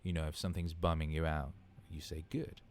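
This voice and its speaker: Speaking quickly in a rumbling low voice with flat delivery, a thirty-something man runs a casual livestream Q&A. He's enthusiastic and rambling, swears a lot, and repeats words for emphasis.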